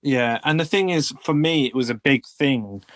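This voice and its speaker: A man's voice: medium pitch, normal speed. Earnest young man on a podcast. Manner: earnest, opens up about feelings. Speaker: podcast co-host. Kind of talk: casual chat. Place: home room.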